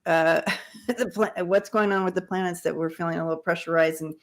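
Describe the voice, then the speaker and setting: A woman's voice: lowish voice, fairly even intonation, fairly quick. A middle-aged woman hosting a casual livestream chat, talking in a rambling way with many restarts. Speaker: host.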